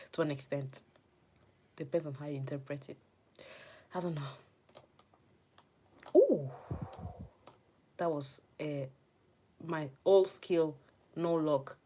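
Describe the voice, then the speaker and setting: Brief: woman, gaming host, lowish voice, jumps between squeals and hushed mutters. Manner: excitable, squealing and talking to the game's players; drops to hushed, muttered asides. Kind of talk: live gameplay commentary.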